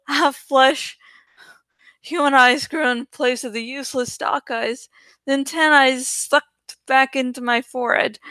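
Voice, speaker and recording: A woman's voice: sits high, sharp tone, no echo. A woman reading a novel aloud and commenting on it, often stumbling and restarting her sentences. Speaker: book reader.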